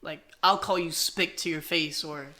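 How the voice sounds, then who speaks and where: A man with a bright, forceful voice chats on a podcast, spinning animated stories and acting out the back-and-forth he recalls. His tone stays lively and conversational. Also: fairly high pitch, normal speed. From New Jersey, US. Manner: animated storytelling, acts out quoted exchanges. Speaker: rapper guest. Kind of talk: casual podcast chat.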